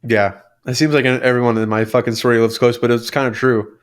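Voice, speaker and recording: A man's voice: medium pitch, level tone, a little fast, smooth. A young man co-hosting a podcast, telling childhood stories in a rambling, casual way full of fillers and swearing. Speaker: podcast co-host. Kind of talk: casual chat.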